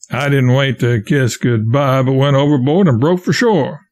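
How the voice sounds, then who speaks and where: A man narrating an audiobook of a classic novel in a steady, plain storytelling way. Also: mid-range voice, normal speed, hardly any pauses.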